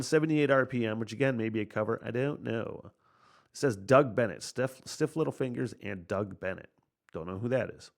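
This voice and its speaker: A man hosting a podcast, reacting casually to a punk album, excitable and swearing often. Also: mid-range voice, fairly quick, vocal fry. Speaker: podcast host reviewing an album.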